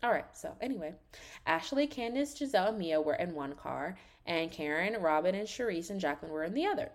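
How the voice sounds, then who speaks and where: A woman hosting a podcast, recapping a reality show in casual chat, sassy and animated, swearing freely and saying "like" constantly. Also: fairly low pitch, fairly quick.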